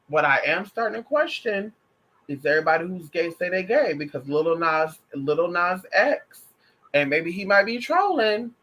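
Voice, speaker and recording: A woman's voice: deep voice, pushed and bright, poor audio. A trans woman delivering a casual opinion monologue to her viewers, sassy and emphatic, with heavy profanity and pet names like honey and girl. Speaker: vlogger.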